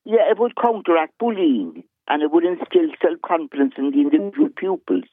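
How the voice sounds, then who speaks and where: A man from Cork with a Cork Irish accent, calling into a radio phone-in and talking in a measured, earnest, deliberate way. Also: fairly high pitch, big pitch swings, no echo. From Cork, Ireland. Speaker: caller. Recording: tinny phone line.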